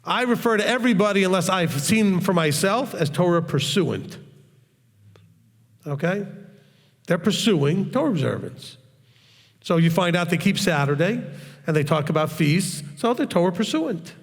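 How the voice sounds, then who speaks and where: A man teaching in a blunt, straightforward way. His voice sits a little high and has a gravelly edge. The sound rings with a long reverb, like an echoey hall. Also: expressive, moderate pace, pauses often. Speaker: rabbi teaching a Q&A session.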